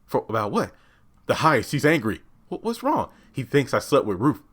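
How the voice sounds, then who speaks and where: A frantic young man pleading for help, put on by a man recapping a show. His voice is pushed up and loud with panic. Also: medium pitch, huge pitch swings, moderate pace, slightly rough, voice pushed up, heavily acted. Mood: panicked.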